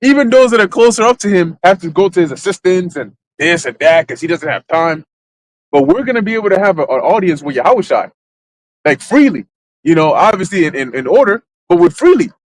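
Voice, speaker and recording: A man with a high voice preaches in a loose, conversational way during a church livestream. He stalls on fillers and repeats himself while he hunts for the right word, then pushes on with his point. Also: big pitch swings, low-quality recording. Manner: halting, searches for words with many fillers. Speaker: church teacher. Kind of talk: conversational sermon in a live church stream.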